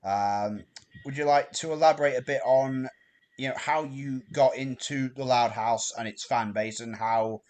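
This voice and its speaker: A man hosts an unscripted podcast chat at a middle pitch. He talks in a halting way, restarting his sentences and padding them with fillers. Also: darkish tone. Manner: hesitant, many fillers and restarts. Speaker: podcast host.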